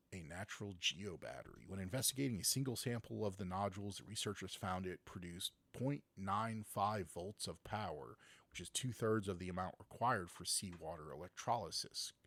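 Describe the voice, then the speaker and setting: A man's voice: low voice, lively intonation, moderate pace, a bit bright, no room sound. A man co-hosting a podcast, reading a science news story aloud with joking asides, a bit tipsy. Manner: reads steadily with asides and jokes, a bit tipsy. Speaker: podcast co-host. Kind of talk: casual chat, reading a news article aloud.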